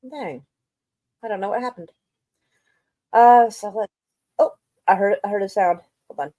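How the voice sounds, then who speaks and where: A woman's voice: medium pitch, animated, a little fast, a little mellow, no room sound. A woman hosting a casual live stream, rambling offhand and swearing now and then. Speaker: streamer host.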